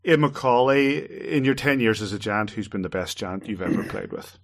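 A man's voice: lowish voice, expressive, normal speed. Chatty male podcast host. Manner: chatty, stumbling restarts while reading fan questions. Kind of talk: casual podcast interview.

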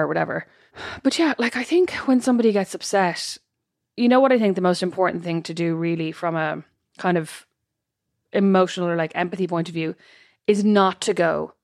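A woman co-hosting a casual chat podcast talks things through reflectively, using lots of "like" and "you know." Her voice is on the low side and a little fast. The recording is dry and studio quality.

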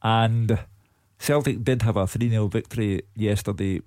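A Scottish man giving football analysis as a radio pundit, opinionated and measured. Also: on the low side, fairly even intonation, darkish tone, no room sound, studio quality. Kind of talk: casual radio sports chat.

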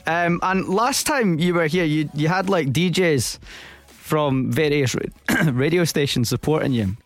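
A man's voice: a little high, animated, measured pace, dry recording. A man hosting a radio interview, jokey and laughing often. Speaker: radio host.

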